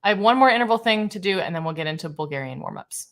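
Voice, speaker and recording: A woman voice coach leading a livestream singing warm-up, chatty and self-deprecating, demonstrating sung exercises on simple syllables. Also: medium pitch, lively intonation, quick pace. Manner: chatty and self-deprecating, laughing at her own slips.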